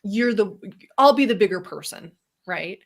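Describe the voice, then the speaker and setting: Woman, podcast co-host, casual reflective chat, animated, mid-pitched voice. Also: normal speed, vocal fry. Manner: animated, acts out quoted voices with big pitch jumps, laughs often.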